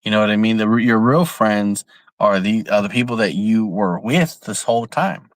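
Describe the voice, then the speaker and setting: A man's voice: fairly low pitch, normal speed, no room sound. A young man from San Jose, California, ranting bluntly and profanely on a casual livestream, often repeating himself, speaking outdoors. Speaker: livestream host.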